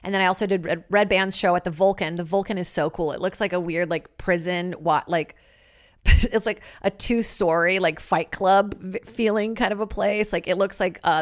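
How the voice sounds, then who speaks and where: A woman in her thirties, a comic and podcast host, telling stories in a brash, animated way and acting out voices. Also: fairly low pitch. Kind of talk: casual storytelling monologue.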